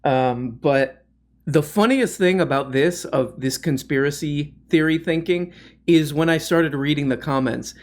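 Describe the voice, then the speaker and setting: A man's voice: on the high side, measured pace. A man hosting a comedic commentary video, sarcastic and often laughing as he riffs on clips.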